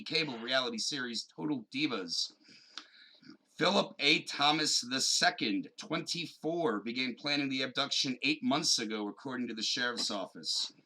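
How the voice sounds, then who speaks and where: A man co-hosting a podcast, animated and joking, swearing freely and dropping jokey asides. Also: medium pitch, poor audio. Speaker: podcast co-host. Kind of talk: casual chat and mock news reading.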